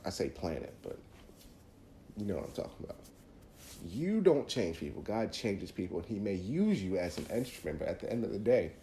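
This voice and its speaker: A man's voice: fairly low pitch, dark tone, echoey room, a little hiss or hum. A man hosting a podcast, talking earnestly through faith advice in a casual monologue, often restarting phrases. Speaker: podcast host.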